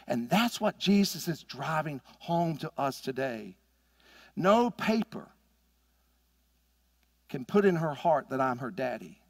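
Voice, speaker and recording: A middle-aged man preaching a sermon as pastor, swinging from loud emphatic peaks to quiet asides. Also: fairly high pitch, very animated, measured pace, no echo, clean studio sound. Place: church sanctuary.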